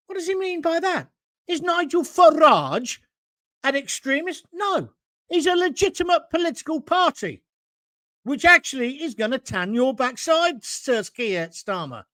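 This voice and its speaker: A middle-aged man hosts a live political talk stream, arguing hard and rising to near shouts. His voice sits unusually high for a man. The sound is dry and close, with no room around it. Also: very animated, measured pace, no echo. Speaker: host of a live online political show. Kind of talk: opinionated live-stream commentary reading viewer comments.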